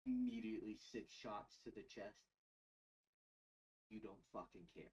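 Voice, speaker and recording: Guy running a tabletop game, super slow and halting, lots of uhs, dull lo-fi audio. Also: on the low side, a little mellow, slightly rough, far from the mic. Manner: slow, halting narration with many fillers. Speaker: game master.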